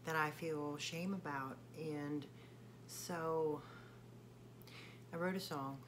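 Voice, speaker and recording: A woman singer-songwriter talking in a personal video confession, hesitant and halting with many fillers. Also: sits low, steady tone, background noise.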